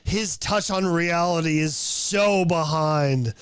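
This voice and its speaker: A man's voice: fairly high pitch, slow pace, very noisy. A young adult man, a podcast host and stand-up comic, chatting casually and profanely, rambling with restarts. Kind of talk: casual chat.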